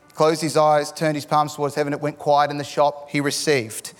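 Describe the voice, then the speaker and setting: With jokes and animated stories, a middle-aged Australian man preaches a sermon and climbs to shouts at the high points. He speaks a little fast in a voice slightly high for a man, and the large hall gives it a long, ringing echo.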